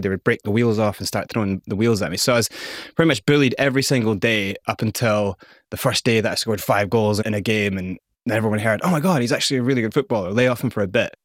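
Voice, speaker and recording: A Scottish-accented man with a lowish voice tells his own story candidly and with animation. He is recorded close and dry, with no echo around him. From South Africa and Scotland. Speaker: interview guest. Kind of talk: personal storytelling.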